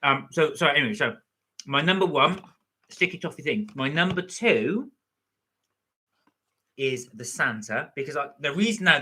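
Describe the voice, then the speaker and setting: Man, middle-aged, casual live-stream chat, talks while eating, rambling, mid-pitched. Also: pushed and bright, breathy edge. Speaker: vlogger hosting a live stream.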